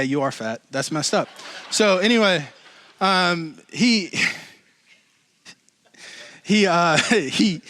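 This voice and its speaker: A man preaching a sermon in a relaxed, conversational way, dropping in jokes and building to emphatic points. His voice sits a little high and sounds bright and forceful, and the sound is close and dry. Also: no room sound. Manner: joking asides, rising to emphatic preaching. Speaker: pastor.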